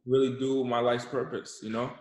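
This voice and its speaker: Young male entrepreneur, motivational interview guest, emphatic, mid-pitched, roomy echo. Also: level tone, moderate pace, darkish tone. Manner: emphatic, repeats words as he builds a point.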